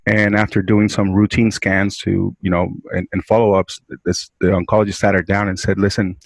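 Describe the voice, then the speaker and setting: A man's voice: sits low, flat delivery, normal speed, vocal fry, no room sound, rough recording. A man from a hospice care provider, earnestly explaining in an interview and often checking in with "right?". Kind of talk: interview explaining and telling a story.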